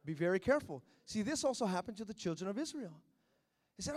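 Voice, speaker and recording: A preacher with a notably high, lively voice delivers a sermon. He swings from near whispers to bursts of shouting, acting out little dialogues as he goes. He sounds middle-aged. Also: a little fast. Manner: preaching with sudden shouts and acted-out quotes. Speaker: pastor.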